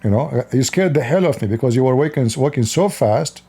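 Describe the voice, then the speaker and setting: A man's voice: medium pitch, expressive, fairly quick, mellow, breathy edge. A man voicing a stern, jumpy American policeman who barks orders at a driver. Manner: barking commands.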